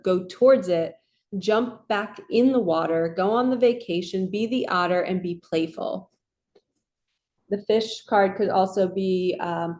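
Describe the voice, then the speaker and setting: A woman giving a casual spiritual card reading in a soft, reassuring, affirming way. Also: medium pitch. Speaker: tarot and oracle card reader. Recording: echoey room.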